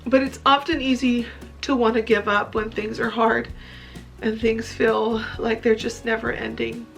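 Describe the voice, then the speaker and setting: A woman's voice: on the high side, flat delivery, a little slow, gravelly, a bit bright, soft background music. A woman crafting vlogger talking to her viewers in a heartfelt personal update, earnest and emotional. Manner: earnest, emotional, tearful at times. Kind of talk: heartfelt personal vlog talk.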